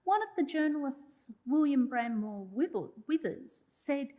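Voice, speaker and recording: The recording is rough, and the woman's high voice is expressive, unhurried and dark in tone. A journalism historian, she gives a prepared public lecture as an oration, dropping wry asides to the audience.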